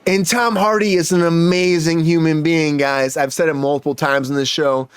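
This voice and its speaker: A man hosting a casual podcast chat, an animated storyteller who swears freely. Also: on the high side, moderate pace, clean tone, no echo, clean studio sound. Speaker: podcast host.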